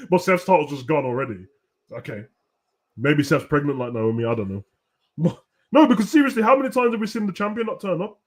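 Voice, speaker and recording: A young man hosting a casual, animated wrestling rant full of slang, at times breaking into shouts. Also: on the high side. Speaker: host. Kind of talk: casual ranting commentary.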